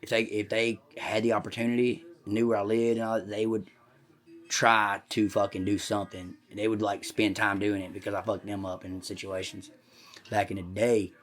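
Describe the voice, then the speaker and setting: Loud, foul-mouthed man telling stories. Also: on the low side, flat delivery, normal speed. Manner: profane, rambling, swears constantly; talks loud. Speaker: podcast host. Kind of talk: casual comedic storytelling.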